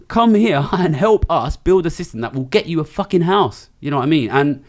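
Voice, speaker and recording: A man's voice: a little high, expressive, a little fast, a little mellow. A middle-aged man from Britain giving an interview, blunt, emphatic and full of swearing. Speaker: interview guest, trader. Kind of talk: candid interview talk.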